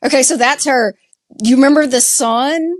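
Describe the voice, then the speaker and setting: A woman's voice: sits high, no room sound. A woman with a Southern US accent, co-hosting a casual podcast recap of a TV show and talking with many "like" fillers. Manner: slow, chatty, lots of "like" fillers. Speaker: podcast co-host.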